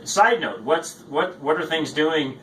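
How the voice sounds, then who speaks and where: A man hosting a radio talk show, reacting briskly with short replies. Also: fairly high pitch, animated, a bit bright. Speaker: radio host. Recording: distant mic, faint background noise.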